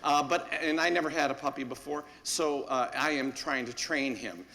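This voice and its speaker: A man's voice: mid-range voice, moderate pace, sharp tone, big-room sound. A man, a parish priest, giving a folksy, anecdotal homily full of fillers and asides. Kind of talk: conversational homily.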